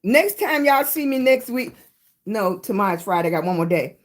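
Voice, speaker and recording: A woman's voice: mid-range voice, expressive, normal speed. A woman with a Southern US accent hosting a casual livestream chat, greeting viewers by name on her phone. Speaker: livestream host.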